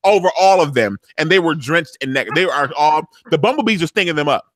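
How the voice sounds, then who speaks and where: A man's voice: fairly high pitch, expressive, fast talker, dry recording. A man co-hosting a casual TV recap, telling the story animatedly with playful asides. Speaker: podcast co-host.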